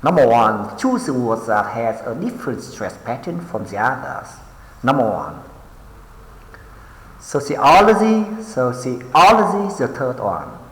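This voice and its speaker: Slow Vietnamese-accented male English teacher. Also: mid-range voice, sing-song. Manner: slow and deliberate, drawn-out repetitions with frequent fillers. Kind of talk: pronunciation lesson, reading words for repetition. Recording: echoey room with long reverb.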